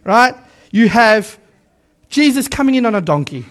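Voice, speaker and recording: A man preaching a sermon to a live congregation, animated, repeating words for emphasis and calling on the listeners to say lines back. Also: very high-pitched, moderate pace. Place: church service with a live congregation.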